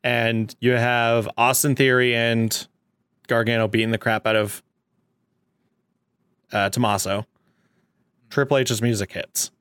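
A man's voice: medium pitch, level tone, a little slow, pauses often, a bit bright, smooth, no echo, clean studio sound. Man walking through a storyline. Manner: lays out scenarios step by step, acting out quotes. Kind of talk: casual wrestling fantasy-booking chat.

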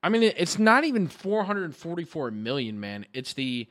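Man, mid-twenties, podcast co-host, casual swearing, rambling, slightly high voice, dry close sound. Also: very animated, normal speed, fairly bright tone, no room sound. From United States. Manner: rambling, profane, repeats words as he thinks aloud.

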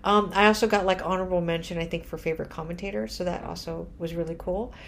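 A woman's voice: on the low side, steady tone, fast, creaky, a little hiss or hum. Tired, rambling woman podcast host. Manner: rambling, self-deprecating, laughing often. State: tired, punch-drunk. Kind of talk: casual podcast chat.

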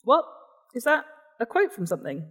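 A woman's voice: a little high, wildly swooping pitch, moderate pace, a bit bright, breathy edge, pitched above the performer's own voice, full character voice. A woman reading the lines of an anxious young woman pressing her friend for the truth, in an attempted Canadian accent and an urgent, probing manner.

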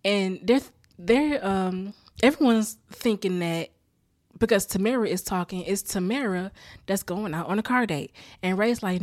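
Animated woman recapping a show, dry sound. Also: mid-range voice, moderate pace, no echo. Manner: animated, laughing, acting out character lines. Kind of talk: casual recap chat.

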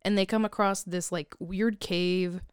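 A woman's voice: lowish voice, fairly even intonation, a little slow, clear, resonant tone, no echo, studio quality. A woman co-hosting a podcast, rambling through a film's plot in casual chat. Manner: rambling, chatty plot recap with frequent laughs. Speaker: podcast co-host.

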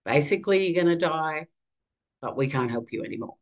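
An Australian woman in her fifties, a podcast guest telling her own story in a candid, animated conversational way. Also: low-pitched, brisk, low-quality recording. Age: 50s.

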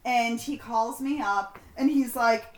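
A woman's voice: a little high, slow, a little hiss or hum. A young woman co-hosting a podcast, telling candid, profane stories in casual chat. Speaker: podcast co-host. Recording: roomy echo.

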